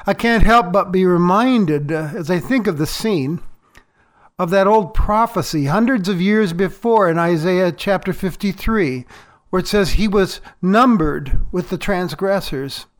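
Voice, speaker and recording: A male pastor delivering a sermon in a measured, deliberate way, pausing for emphasis. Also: high voice.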